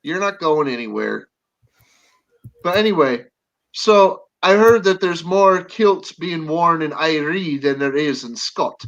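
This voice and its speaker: Chatty stream host guy, kinda high voice, bright and forceful, cracks jokes. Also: a little slow, lo-fi sound. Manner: joking, laughs often. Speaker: livestream host. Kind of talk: casual chat.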